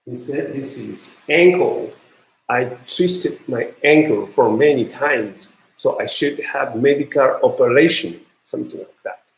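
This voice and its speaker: Guy teaching a class, slow and halting, lots of ums, echoey room. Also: mid-range voice. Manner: halting, many ums and uhs. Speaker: university lecturer. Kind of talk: classroom lecture on pronunciation.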